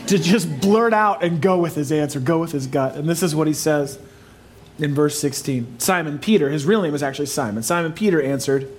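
High-voiced man preaching a lively sermon. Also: a little fast. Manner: animated, emphatic preaching with playful asides. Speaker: pastor.

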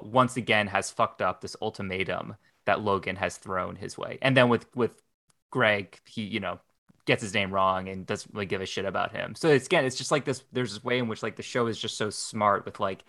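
A man's voice: lowish voice, gravelly, fairly bright tone. A man guesting on a podcast, talking casually and eagerly, with many fillers. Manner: eager, peppered with "like". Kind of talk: casual chat.

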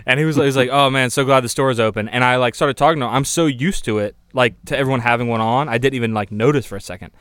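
A podcast co-host tells a story from behind the counter, laughing and acting out customers in other voices. His voice is smooth and clear, and it sounds close and dry, with no room around it. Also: medium pitch, racing, hardly any pauses, a bit bright, no room sound. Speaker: record store worker. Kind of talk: casual chat.

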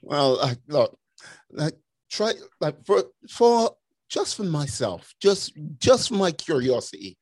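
A man's voice: on the high side, very animated, takes it slowly, a little mellow, dry recording. A British man hosting a casual interview, chatty and playful, with lots of fillers. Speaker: interview host.

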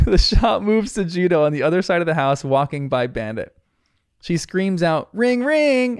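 A man's voice: a little high, clean tone, no echo, clean studio sound. A man giving an earnest, reflective episode recap commentary as a show reviewer. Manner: earnest, reflective retelling with soft laughs.

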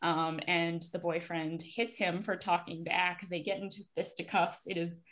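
A woman's voice: lowish voice, fairly even intonation, measured pace, a bit bright. A woman casually recapping a TV episode for a podcast, chatty and full of fillers.

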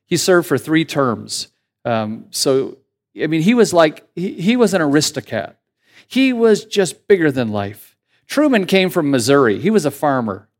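Guy preaching, high voice, really lively ups and downs, talks like a friend then gets fired up. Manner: animated, conversational preaching with rising emphasis. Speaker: pastor. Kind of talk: sermon.

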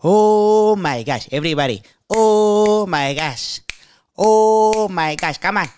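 A man putting on the voice of a club owner hyping up a crowd, stretching each shout out long. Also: high-pitched, animated, slow, a little hiss or hum, voice pushed up. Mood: hyped. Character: loud hype-man club owner, adult man.

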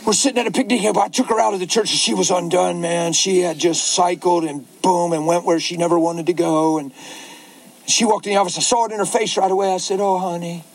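A middle-aged male pastor preaching a sermon in an animated, folksy way, with asides to the crowd. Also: high-pitched, quick pace, vocal fry, poor audio.

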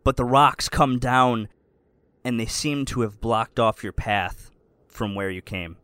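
A man's voice: medium pitch, a little slow, sharp tone, smooth, no room sound. A man narrating a tabletop game as game master, describing scenes steadily.

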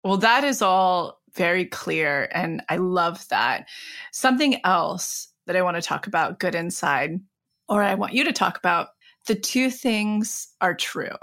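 Woman host, fairly low voice, affirming, casual interview. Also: lively intonation, a little slow, fairly bright tone. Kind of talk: conversational interview.

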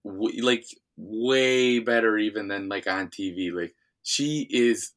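Young man, deep voice, Midwestern accent, loose chatty guest, filler-heavy. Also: slow. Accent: Midwestern American. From Ohio. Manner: relaxed rambling with many fillers. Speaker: guest, former reality show contestant. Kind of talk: casual interview.

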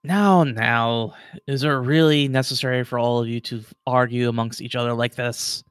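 Give me a man playing an old, god-like guardian in a tabletop game. He talks softly and slowly with dry world-weariness. The voice is smooth and recorded close and dry. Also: mid-range voice, steady tone, no room sound, lightly acted. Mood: weary. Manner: slow, soft, world-weary, dry. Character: ancient weary male god-like guardian.

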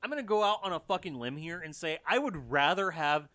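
A man co-hosting a podcast in casual chat, excitable, who yelps and swears when surprised. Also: on the high side, brisk. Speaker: podcast co-host.

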